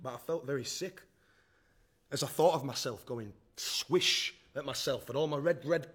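A man's voice: mid-range voice, normal speed, a bit bright, husky. An actor playing a young male hooligan who narrates, cocky, self-pitying and full of slang, in a radio drama. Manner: sneering slang-laced banter.

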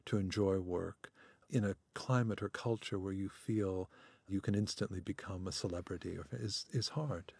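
A man's voice: on the low side, gravelly, darkish tone, husky, no echo. A man talking as an interview guest, thoughtful and earnest, with frequent restarts and hesitations. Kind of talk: conversational radio interview.

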